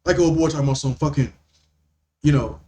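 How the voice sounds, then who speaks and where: Guy ranting on his podcast, swears a ton, keeps restarting sentences, voice a bit high. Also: fairly quick, mellow. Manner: rambling, stammering restarts, heavy cursing. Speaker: podcast host. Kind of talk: profane ranting monologue.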